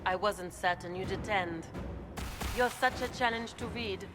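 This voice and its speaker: An actress playing a scheming noblewoman villain in a game, speaking in a silky, taunting way, over loud music. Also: medium pitch, unhurried, close to an everyday voice.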